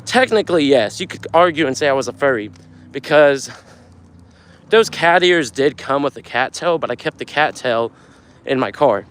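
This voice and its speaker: A young man chatting on a casual live stream, reading out viewer comments and telling stories in an animated, foul-mouthed way. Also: mid-range voice, moderate pace, clean tone. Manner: animated storyteller, swears a lot, gets loud when telling a story. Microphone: phone camera.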